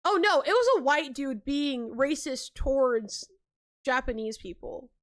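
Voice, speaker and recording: Speaking a little slowly in a high-pitched voice, this livestream host is a young woman from California. She tells stories casually, saying "like" constantly, acting out what people said and laughing often.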